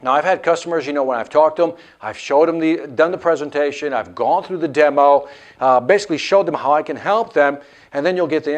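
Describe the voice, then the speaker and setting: A man teaching a sales lesson in an animated way, acting out what the customer thinks. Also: a little high, fairly quick. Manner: animated, acts out customer lines. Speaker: sales instructor. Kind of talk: instructional lecture.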